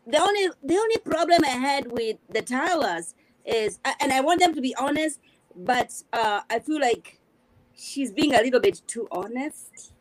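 Earnest high-voiced woman. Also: animated, moderate pace, no room sound, low-quality recording. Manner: earnest, repeats words while searching for them. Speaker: review panelist. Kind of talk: casual panel discussion.

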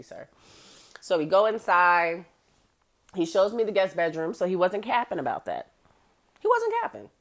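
A woman, hosting a podcast and telling a personal story in a casual, profane, animated way, acting out the voices of the people in it. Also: lowish voice. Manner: animated, acts out quotes, profane slang, laughs often. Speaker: podcast host.

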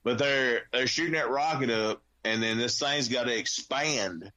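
A man's voice: mid-range voice, moderate pace, bright, forceful tone, rough recording. Man, folksy, rambling, casual podcast co-host.

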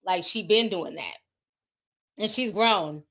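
Slow and slightly bright at a medium pitch, a woman with a Southern US accent hosts a relaxed livestream about celebrities. She reads comments from viewers and offers blunt opinions on them, chatting away, laughing often, and reacting as she goes.

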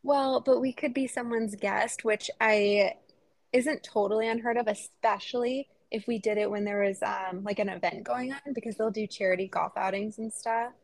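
A woman's voice: fairly high pitch, steady tone, normal speed, gravelly, dry recording. Chatty 30s woman cohost, laughs a lot, super dry mic. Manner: chatty storyteller, laughs often. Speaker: podcast co-host. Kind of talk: casual chat.

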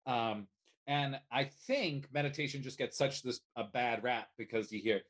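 A man talking as a life coach guest in a casual podcast conversation, animated and casually swearing. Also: medium pitch, moderate pace. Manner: animated, swears casually, acts out little quoted voices.

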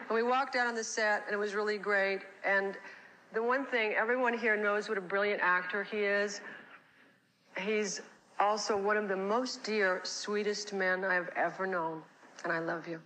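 Bright-voiced woman giving a candid tribute. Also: medium pitch, steady tone, normal speed, slight background noise, low-quality recording. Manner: candid, self-deprecating, nervous storytelling. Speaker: award show speaker. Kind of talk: tribute speech.

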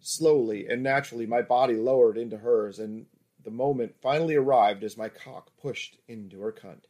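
A man narrating an erotic audiobook in the first person, steady and intimate. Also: medium pitch, normal speed.

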